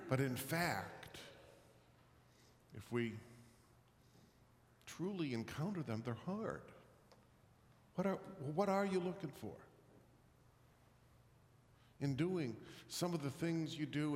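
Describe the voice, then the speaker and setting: A man's voice: a little high, fairly bright tone. Reflective male preacher in echoey hall. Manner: reflective, questioning, with light humor and pauses. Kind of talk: sermon. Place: large echoey church. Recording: roomy hall reverb, somewhat distant.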